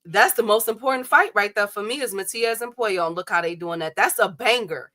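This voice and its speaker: A young woman hosting a casual boxing livestream, talking straight to her chat viewers in a blunt, animated, slangy way. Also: mid-range voice, fairly quick, few pauses.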